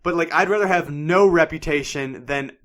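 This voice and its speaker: A young man co-hosting a casual podcast chat, telling stories with profanity and loud acted-out quotes. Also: a little high, normal speed. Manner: animated storyteller, profane, acts out angry quotes. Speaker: podcast co-host.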